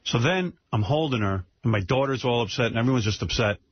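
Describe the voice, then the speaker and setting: Husky-voiced man telling a story on radio. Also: mid-range voice, animated, quick pace, no room sound, lo-fi sound. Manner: emotional, rambling, repeats himself. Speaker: radio host. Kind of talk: casual radio talk, storytelling. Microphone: studio microphone, dry.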